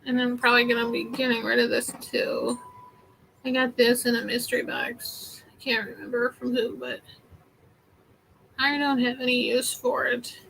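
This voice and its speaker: A woman's voice: a little high, little pitch movement, normal speed, gravelly, a bit bright, a little hiss or hum, rough recording. A woman chatting casually through a live thrift haul, rambling with many fillers. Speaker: vintage seller vlogger.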